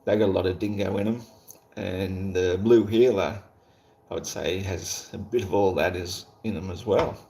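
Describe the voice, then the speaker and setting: Aussie streamer, male, laid-back rambler, deep gravelly voice, light swearing. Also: fairly even intonation, normal speed, dark tone. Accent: Australian. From Australia. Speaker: livestream host. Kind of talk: casual chat while reading viewer comments.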